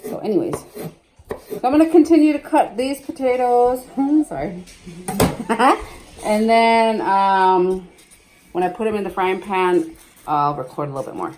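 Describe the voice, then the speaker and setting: A woman's voice: medium pitch, lively intonation, measured pace, long pauses, a little mellow. A woman chatting casually as she cooks in her home kitchen, laughing often while she tells family stories. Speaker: home cook filming herself. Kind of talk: casual cooking chat. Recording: noisy kitchen recording.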